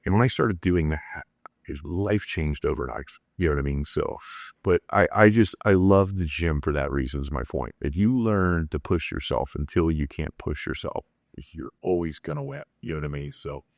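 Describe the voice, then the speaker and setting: A man's voice: very deep voice, moderate pace, vocal fry, dry recording, studio quality. A middle-aged man, a guest on a business interview, telling motivational stories and acting out the dialogue in them. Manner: animated motivational storytelling with acted-out dialogue. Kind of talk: casual interview talk.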